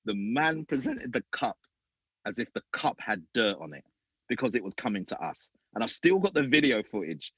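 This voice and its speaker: A man, a podcast guest and former youth football coach, telling animated stories and acting out other people's voices. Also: mid-range voice, moderate pace, slightly rough, no room sound, muffled recording. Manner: acts out other people's voices, lively and emphatic. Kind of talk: animated storytelling.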